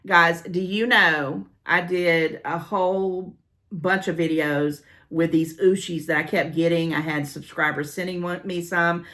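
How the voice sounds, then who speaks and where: A middle-aged woman vlogging as she opens gift mail, chatty and rambling, gushing to her friend and her viewers. Her voice is a little low in pitch but very bright and forward. She talks casually and spills into long stories. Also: measured pace. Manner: squealing with excitement. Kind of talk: casual unboxing vlog.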